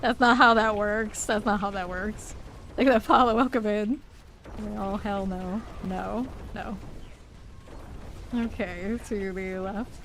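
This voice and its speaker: A woman's voice: mid-range voice, fairly even intonation, slow, a bit bright, slight background noise, rough recording. A woman game streamer chatting casually and playfully while she plays, laughing often and exclaiming. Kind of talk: casual chat while live gaming.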